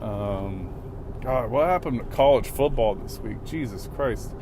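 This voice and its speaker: A man's voice: mid-range voice, a little slow. A young man, hosting a casual solo podcast from his car, rambling with constant profanity and flaring into angry outbursts. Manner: profane rambling, flares into shouting at other drivers. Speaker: podcast host. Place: in a car on city roads. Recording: faint traffic noise from a car.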